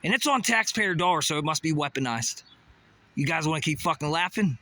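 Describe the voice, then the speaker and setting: A man's voice: on the high side, lively intonation, fairly quick, sharp tone. A man ranting to camera in a heated way, swearing often and firing off rhetorical questions. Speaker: vlogger. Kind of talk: profane conspiracy rant to camera.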